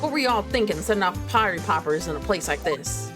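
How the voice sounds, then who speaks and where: A woman voicing a brash young country photographer with a put-on exaggerated Southern drawl, loud and blunt. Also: on the low side, lively intonation, fairly quick, lightly acted. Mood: indignant. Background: game music.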